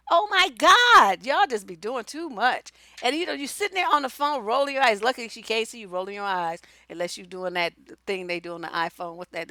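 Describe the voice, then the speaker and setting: A woman relationship coach giving blunt, profane, animated advice in a casual talk. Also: fairly high pitch, no echo, studio quality. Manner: blunt, profane and animated, acts out quoted voices.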